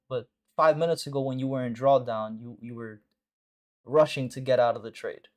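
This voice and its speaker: A man of middling pitch who coaches his viewers through a live trading session. He is blunt and peppers his talk with slang and profanity. He drives points home by saying short phrases again and again. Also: steady tone, normal speed, darkish tone. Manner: repeats short phrases for emphasis. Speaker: forex trading mentor and stream host. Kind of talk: casual live-stream commentary.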